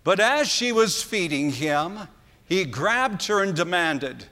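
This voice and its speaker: A man preaching a sermon, retelling a story earnestly with dramatic pauses. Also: high voice, animated, pushed and bright. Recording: long hall reverb.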